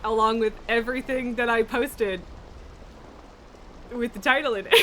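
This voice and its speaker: A woman's voice: on the high side, measured pace, fairly bright tone, slight background noise. A woman live-streaming in casual chat, laughing often, swearing and scolding her pet from her home streaming room.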